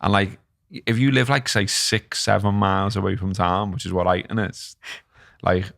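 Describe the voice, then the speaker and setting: A man's voice: sits low, steady tone, moderate pace, creaky, a bit bright, no echo, studio quality. A man with a Scouse accent co-hosting a podcast, talking in a hesitant, meandering way full of fillers. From Liverpool area, England. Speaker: podcast co-host. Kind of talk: casual chat.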